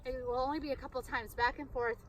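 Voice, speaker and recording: A woman's voice: sits high, steady tone, quick pace. A woman demonstrating dog training, coaxing commands to her dog between upbeat explanations. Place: outdoors with a dog. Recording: distant mic, loud outdoor noise.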